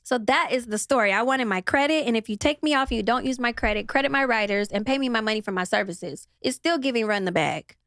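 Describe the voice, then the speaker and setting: Brief: young woman guest, lively storyteller who swears freely, higher voice, dry close sound. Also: fast, few pauses, no room sound. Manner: animated, acts out others' voices, swears freely. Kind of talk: casual storytelling interview.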